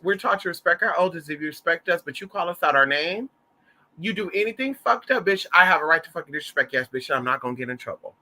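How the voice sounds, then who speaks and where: A man chats straight to his audience and spins a dramatic, profane story with plenty of sass. His voice sits a little high for a man. The tone is strikingly bright and cutting. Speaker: vlogger. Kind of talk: casual storytelling to viewers.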